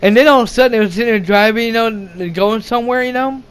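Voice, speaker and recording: A man's voice: very high-pitched, fast talker, a bit bright, clear, resonant tone. A man recapping a movie plot in a casual, rambling way, full of restarts and swearing. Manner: repetitive, many restarts and swearing. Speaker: movie reviewer.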